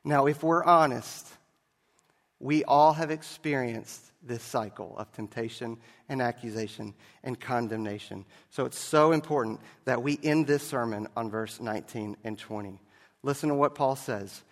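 A man preaching a sermon as a pastor, telling a story and moving between loud and hushed delivery. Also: medium pitch, moderate pace, big-room sound.

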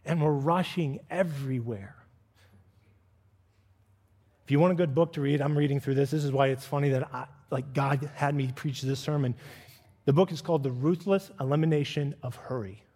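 A middle-aged man preaching a sermon as pastor, acting out quoted voices with animated swings of pitch. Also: normal speed, slightly rough. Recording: long reverb of a church hall.

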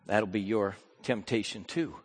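A male preacher delivering a sermon, swinging from hushed, slow lines to loud, fervent ones. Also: on the low side, breathy edge.

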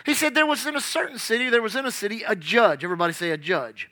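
A man's voice: sits high, fast, bright, forceful tone. A man preaching a sermon, emphatic and storytelling, repeating his key lines.

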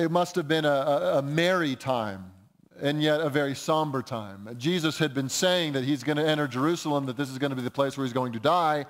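A pastor preaching a sermon in a conversational, explaining way, often restarting phrases. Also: male voice, fairly high pitch.

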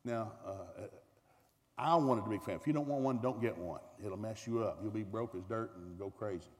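A middle-aged man with a Southern US accent telling a comic family story to a live audience in a folksy, animated way. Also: a little fast. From American South. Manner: folksy, animated, acts out voices, climbs high when excited. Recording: reverberant hall with faint noise.

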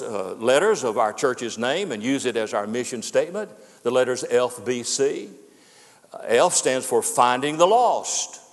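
An older man preaching his farewell sermon as pastor, earnest and emphatic, repeating words for weight. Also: mid-range voice. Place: church sanctuary. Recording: long hall reverb.

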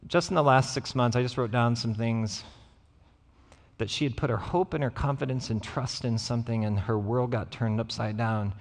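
A pastor with a mid-range voice speaks at a normal pace as he preaches a sermon in a church sanctuary. He tells stories and acts out the voices of the people in them, and the recording carries the reverb of a church hall.

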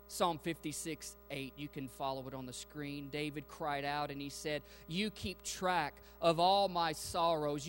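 Guy preaching a sermon real slow, goes quiet then gets loud and fired up, talks right to the congregation. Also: fairly high pitch. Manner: dynamic preaching, swinging from hushed to loud and fervent; addresses congregation directly, asks them questions. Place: church sanctuary.

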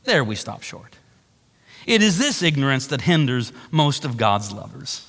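A man's voice: mid-range voice, sing-song, a little slow, fairly bright tone, in a large hall. A man preaching a sermon, with earnest, repeated emphasis and a preacher's cadence. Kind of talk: sermon-style teaching on a book.

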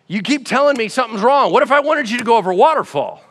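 A fairly high-voiced man preaches with a bright, ringing tone and big swings in pitch. He talks to the congregation in a lively, conversational way and acts out back-and-forth scenes. His voice carries a long echo through a church hall. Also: very fast, hardly any pauses. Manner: animated, conversational preaching with acted-out dialogue. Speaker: pastor. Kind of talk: sermon.

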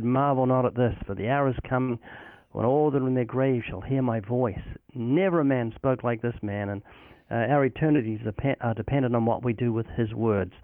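A man's voice: medium pitch, fairly quick, dry recording. A man speaks as an evangelist guest, preaching with earnest conviction and acting out short exchanges between himself and others. His voice arrives over a tinny, phone-like line. The sound is dry, with no room around it. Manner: earnest preaching delivery, quoting scripture and acting out dialogues. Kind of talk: recorded phone interview about faith.

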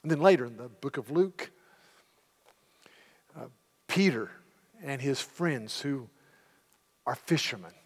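In a church sanctuary, a middle-aged pastor preaches a sermon, telling the story with animation and slipping into character voices to retell its scenes. His voice is medium-pitched and slow, with long pauses. A long hall reverb hangs over the recording.

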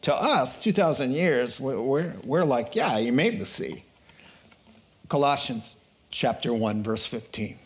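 A man's voice: mid-range voice, gravelly. A man preaching a Bible lesson in a playful way, acting out scenes with voices. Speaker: preacher teaching a Bible study. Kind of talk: sermon.

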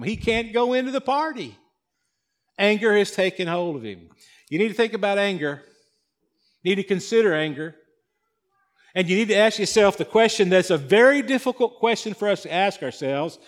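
A male pastor delivering a sermon, swinging between loud emphasis and hushed, slow passages. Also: high-pitched.

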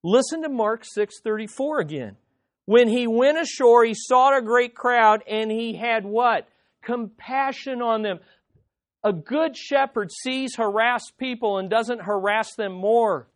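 Speaking unhurriedly in a mid-range voice, a pastor delivers a dramatic sermon, putting rhetorical questions to the congregation and calling for amens. Their delivery moves from loud and pressing to soft and hushed.

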